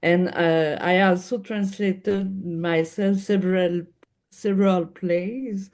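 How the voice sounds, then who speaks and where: This is a woman with a Québécois French accent whose first language is French, speaking as a guest in an interview. She talks slowly and hesitantly, often restarting as she looks for the right English word. Her voice is warm and mellow. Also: on the low side, steady tone. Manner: hesitant, searching for words with restarts. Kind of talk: interview conversation.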